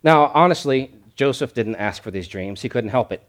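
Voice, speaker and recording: A man's voice: mid-range voice, lively intonation, normal speed. Man preaching with emphatic repetition. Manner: emphatic, repeats key phrases for stress; reads scripture aloud with rising energy. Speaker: pastor. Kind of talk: sermon.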